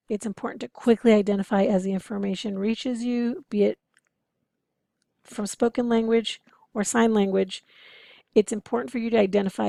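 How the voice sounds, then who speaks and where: Gravelly-voiced woman teaching interpreting. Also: mid-range voice, mellow, no echo. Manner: explanatory, encouraging, occasionally laughing. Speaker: interpreting instructor. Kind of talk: recorded lecture over slides.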